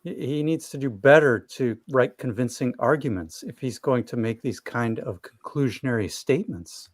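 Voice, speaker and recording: A man's voice: mid-range voice, moderate pace, dry recording, studio quality. A man co-hosting a casual commentary, reading court documents aloud with wry interjections. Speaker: co-host.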